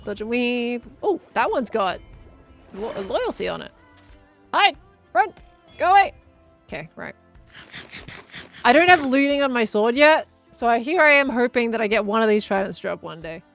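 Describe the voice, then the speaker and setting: A woman's voice: a little high, animated, normal speed, a bit bright, soft background music. A woman chatting casually on a gameplay livestream, reading viewer messages aloud and answering them as she plays. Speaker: streamer.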